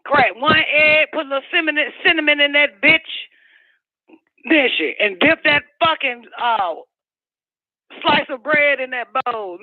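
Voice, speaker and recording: Radio host, male, high-pitched, profane and emphatic, ranting solo; phone-quality dry audio. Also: moderate pace, dry recording. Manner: profane, emphatic, preachy storytelling. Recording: tinny phone-like line, dry.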